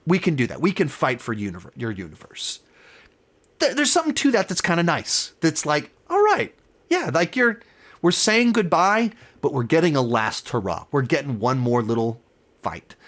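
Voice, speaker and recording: A man's voice: on the high side, sing-song, normal speed, a bit bright. A man hosting a casual spoiler review, talking with enthusiasm in a rambling way and often correcting himself mid-sentence. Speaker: film review host.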